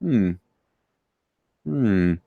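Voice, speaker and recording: A podcast guest from Texas speaks extremely slowly in a lowish, creaky, expressive voice, heard through narrow, tinny audio. He's brash and crude, laughing and swearing constantly as he reads and replies to live chat.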